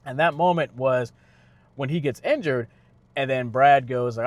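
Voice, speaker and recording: Man, car vlogger, casual review, chatty, slangy, mid-pitched voice. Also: no echo. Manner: loose and conversational, with frequent fillers and restarts; slangy retelling with quick impressions of characters. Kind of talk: casual spoken movie review.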